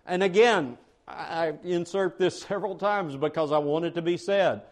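Male preacher, high-pitched, earnest and emphatic, repeats phrases for weight. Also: normal speed. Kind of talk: sermon.

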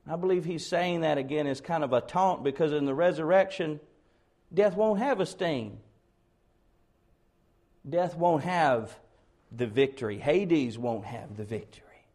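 A man preaching an expository sermon, building to loud, slowed, emphatic peaks on key words. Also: fairly high pitch.

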